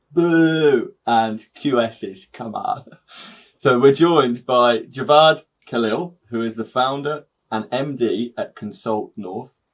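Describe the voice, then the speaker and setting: A man's voice: medium pitch, husky. A man hosting a casual podcast interview, upbeat and fond of jokey banter. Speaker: podcast host.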